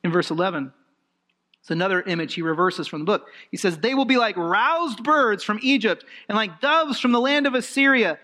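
High-voiced animated preaching man. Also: normal speed. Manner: animated, emphatic preaching with rhetorical questions. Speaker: pastor. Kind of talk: sermon.

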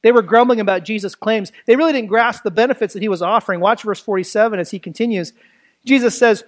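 A conversational preacher working through a scripture passage verse by verse. The delivery leans on rhetorical questions, pushing some lines out with force and letting others fall away quietly, with a mid-range pitch throughout. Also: fairly quick. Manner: swings between loud emphasis and quiet, dropped phrases. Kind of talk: sermon, Bible exposition.

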